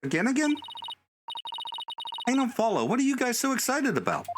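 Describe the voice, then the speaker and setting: A man's voice: very high voice, huge pitch swings, normal speed, background noise, voice pushed up, heavily acted. A man voicing a perky young female defense attorney in a game, chirpy and teasing. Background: game music.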